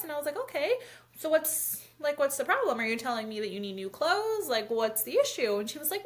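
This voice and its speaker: A woman's voice: sits high, moderate pace. A woman in her thirties co-hosting a casual podcast, telling a story with lots of acted-out quotes and frequent swearing. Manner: animated storytelling, acting out quotes, swears freely. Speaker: podcast co-host. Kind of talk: casual chat.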